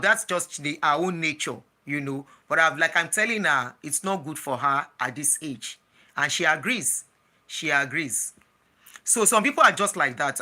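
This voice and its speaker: An adult vlogger with a Nigerian accent and a very bright, sharp tone. The story comes out as casual chat that mixes in Pidgin. It is full of small restarts and asides. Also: medium pitch. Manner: chatty, slips into Pidgin, frequent restarts. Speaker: travel and lifestyle vlogger.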